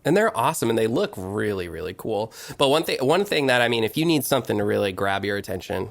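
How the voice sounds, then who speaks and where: A man's voice: on the low side, sing-song, fast talker, vocal fry, few pauses. A man co-hosting a casual podcast, enthusiastic and jokey in his banter. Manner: enthusiastic, jokey, breaks into silly chants. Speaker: podcast co-host. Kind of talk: casual chat.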